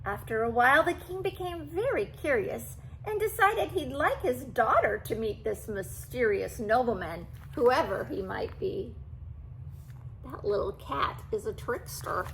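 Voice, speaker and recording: An older woman reads a children's storybook aloud at an unhurried pace. Her voice is bright and bounces up and down, and she breaks off to chat with the listener. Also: a little high, gravelly, slight background noise, poor audio. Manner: animated, with asides to the listener.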